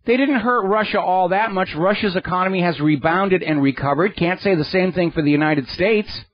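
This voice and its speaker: A man's voice: sits high, moderate pace, dry recording. A man hosting a radio talk show, delivering a sarcastic, indignant political monologue into a studio microphone. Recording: dry, slightly dull radio studio sound.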